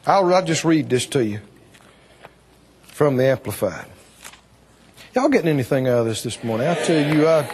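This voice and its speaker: A man preaching a sermon, swinging dramatically between hushed passages and loud, ringing ones. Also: on the high side, animated, normal speed, long pauses, slightly rough. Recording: hall reverb.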